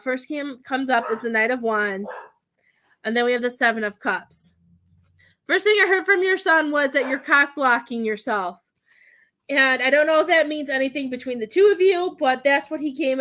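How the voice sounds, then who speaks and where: A woman's voice: high-pitched, a bit bright. A woman working as a psychic medium, chatting through a live tarot and mediumship reading in a giggly, rambling way with many fillers.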